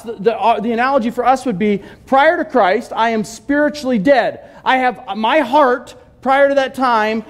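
A man's voice: extremely high pitch, darkish tone. A man pastor giving a sermon in a conversational way, asking the congregation questions and joking with them. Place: church sanctuary.

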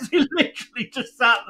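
A man's voice: very high-pitched, normal speed, bright, forceful tone, a little hiss or hum. A male co-host in a casual fan chat, telling rambling stories with frequent laughs and self-deprecating asides.

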